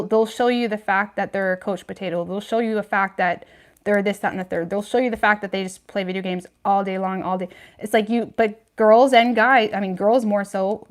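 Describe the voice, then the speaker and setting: On a livestream, a tarot reader gives a laid-back reading in a mid-range voice. Her talk is frank and chatty, peppered with "like" and "you know what I mean," with laughter breaking up her points.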